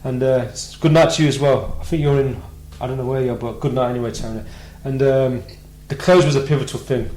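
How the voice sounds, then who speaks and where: British radio host guy, telling a story, does all the voices, kinda echoey studio. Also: mid-range voice. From Britain. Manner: animated storyteller, acts out quoted voices.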